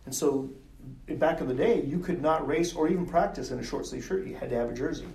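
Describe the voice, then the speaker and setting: Middle-aged male guest, lively storyteller, slightly raised pitch, roomy distant recording. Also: fairly quick. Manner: animated storyteller, acts out quotes, laughs often. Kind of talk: storytelling in a podcast interview. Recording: roomy sound from off mic.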